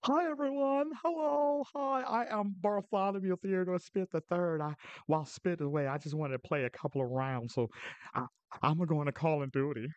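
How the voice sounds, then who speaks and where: A man putting on a high, squeaky mock-British voice as a pompous male streaming etiquette gentleman, giggly and flustered while commenting on his game. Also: brisk, clean tone, dry recording, dull audio, lightly acted. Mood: playful. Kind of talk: live gameplay commentary in character.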